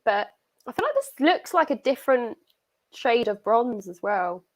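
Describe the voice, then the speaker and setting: A woman's voice: fairly high pitch, sing-song, unhurried. A young British woman co-hosting a casual chat, enthusiastic and full of fillers. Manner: chatty, filler-heavy, enthusiastic. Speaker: co-host.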